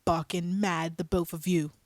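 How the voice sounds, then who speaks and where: A woman voicing a furious young woman in a put-on British accent, shouting theatrical insults. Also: on the low side, flat delivery, normal speed, no room sound, close to an everyday voice.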